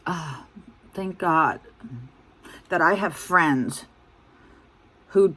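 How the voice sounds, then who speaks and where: A woman's voice: on the low side, lively intonation, extremely slow, long pauses, fairly bright tone, a little hiss or hum. A woman in her sixties, venting bluntly and ramblingly to her phone camera. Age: 60s. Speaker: vlogger.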